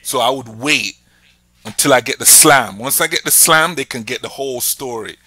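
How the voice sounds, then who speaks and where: A young man co-hosting a podcast, chatting casually and telling lively stories with acted-out quotes. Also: mid-range voice, moderate pace, no room sound. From Nigeria. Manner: animated storytelling, acting out quoted voices. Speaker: podcast co-host. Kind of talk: casual chat.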